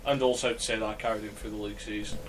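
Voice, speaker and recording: A man's voice: fairly low pitch, flat delivery, very fast, far from the mic, a little hiss or hum. Joking man, off-mic. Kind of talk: casual chat.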